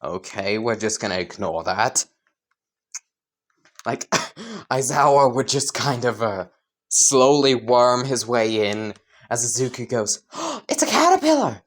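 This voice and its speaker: A woman's voice: very deep voice, slow pace, long pauses. A woman casually narrating a fan story, rambling, laughing and swearing freely.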